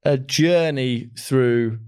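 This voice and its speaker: A man's voice: mid-range voice, very slow, a little mellow, clean tone. A man from the Midlands hosting an interview podcast, chatty and enthusiastic, often laughing. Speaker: podcast host. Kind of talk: casual interview chat.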